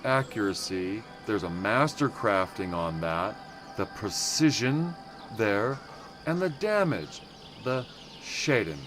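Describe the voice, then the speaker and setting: Faint music plays behind a slow-talking American livestream host whose voice is low, a bit bright, and very animated. During his casual game stream he rambles, keeps interrupting himself with fillers, and jokingly mangles German words.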